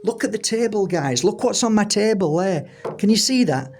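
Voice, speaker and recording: A man's voice: high-pitched, expressive, moderate pace, a little mellow, slight background noise. A middle-aged man talking casually and animatedly to his viewers from a room at home, often repeating his words as he rants. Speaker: healer and channel host.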